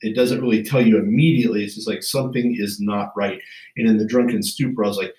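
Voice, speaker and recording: A man chats as a guest on a casual podcast, telling his story in a dry, wry way. His voice sits fairly low. The recording sounds roomy and a little far from the mic. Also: fairly even intonation, rapid-fire, warm tone. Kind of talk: casual chat.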